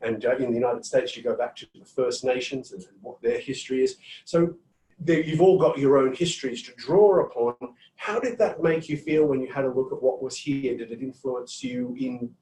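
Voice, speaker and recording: A man's voice: mid-range voice, moderate pace, warm tone. Aussie guy hosting a student panel, cracks jokes, mid voice, sounds far off in an echoey room. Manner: joking, chatty. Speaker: panel host. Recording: echoey room, distant mic.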